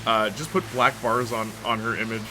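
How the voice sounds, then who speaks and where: A man's voice: fairly low pitch, fairly even intonation, normal speed, over music. A man streaming a video game, chatting casually and answering his chat. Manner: chatty, reads and answers chat, laughs often. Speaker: gaming streamer. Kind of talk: casual gameplay commentary.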